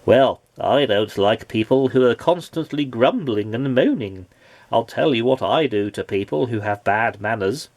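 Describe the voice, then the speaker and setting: A man voicing a stern wizard in a storybook reading, speaking in a deliberate, warning way. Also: mid-range voice, lively intonation, a little mellow, no room sound. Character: stern magical wizard who punishes rudeness.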